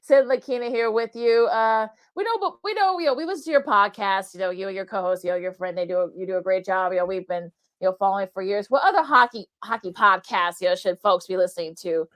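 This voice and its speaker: A woman's voice: medium pitch, fast talker, hardly any pauses, a bit bright. A woman hosting a sports talk show, rambling through her questions with many repeated "you know"s.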